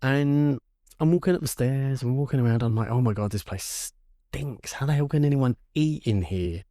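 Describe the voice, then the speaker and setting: In a dry, clean studio recording, a young man co-hosting a podcast speaks at normal speed in a medium pitch. His casual storytelling is animated, full of swearing, with the people in the story given acted-out voices.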